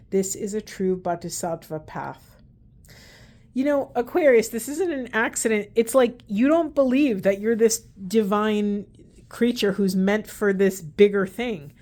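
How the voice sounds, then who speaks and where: A woman talks through an oracle card reading in a loose, chatty way, earnest and rambling, circling back with frequent restarts. Her voice sits at an ordinary middle pitch. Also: a little mellow. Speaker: tarot and oracle card reader. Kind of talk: casual spiritual card reading to camera.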